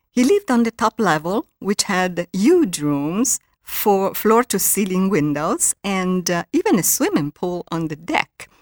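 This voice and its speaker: An older woman from Italy with an Italian accent, a guest author who talks haltingly with many ums and reads from her novel. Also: on the low side, no echo, clean studio sound. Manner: hesitant, many ums and uhs. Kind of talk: interview, reading from her novel.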